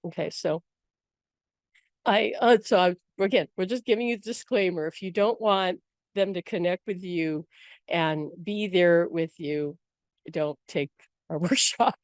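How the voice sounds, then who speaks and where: A woman spiritual teacher talking casually through a workshop session, telling stories with frequent laughs and quick asides. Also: fairly low pitch, no echo, clean studio sound. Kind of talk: casual storytelling talk with viewer questions.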